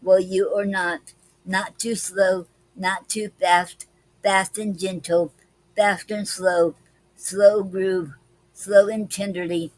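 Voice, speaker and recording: A woman hosting a live-streamed poetry club reads her poems slowly and deliberately, with pauses and "um"s between them. Her voice sits at a middling pitch. The sound is dry and close, with no room echo. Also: darkish tone. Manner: slow deliberate reading with many pauses and fillers.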